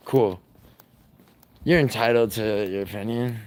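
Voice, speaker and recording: A man's voice: lowish voice, moderate pace. A man hosting a livestream, talking in a crude, profane and rambling way, mocking his chat. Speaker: livestream host.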